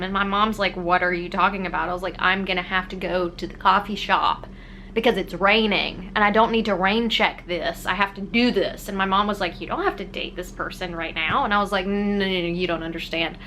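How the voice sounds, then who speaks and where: Bright, animated young woman telling a story. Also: mid-range voice, a little hiss or hum. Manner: animated, candid, swears casually and laughs at herself. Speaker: vlogger. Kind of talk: personal storytelling to camera.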